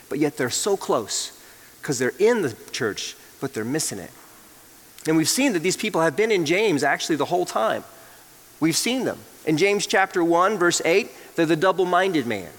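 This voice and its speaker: A man's voice: fairly high pitch, long reverb tail. A male pastor preaching a sermon, reading scripture aloud and explaining it verse by verse.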